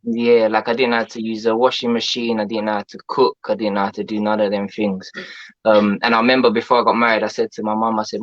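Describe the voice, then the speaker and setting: A man talks casually as a guest, meandering through his thoughts with plenty of fillers. His voice sits a little low. The recording sounds dull and dry. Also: level tone, quick pace, no room sound. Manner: chatty, hesitant with many fillers. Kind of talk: casual chat.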